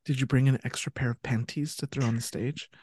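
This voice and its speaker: A man's voice: mid-range voice, fairly even intonation, a little fast, a little mellow, slightly rough, dry recording, studio quality. A man co-hosting a casual podcast chat, playful and teasing, jumping in with cheeky questions. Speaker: podcast co-host.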